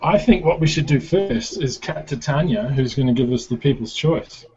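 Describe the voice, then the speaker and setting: Husky man announcing on a call. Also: mid-range voice, lively intonation, moderate pace, darkish tone, lo-fi sound. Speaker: co-host. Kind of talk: casual video call chat.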